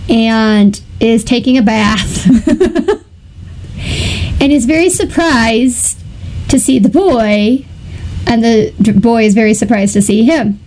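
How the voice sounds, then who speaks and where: Woman co-host, slow and mellow, chatty film retelling with bits of acted dialogue. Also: on the high side, slight background noise, rough recording. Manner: chatty retelling, acting out characters' lines. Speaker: podcast co-host. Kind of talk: casual chat recapping a film.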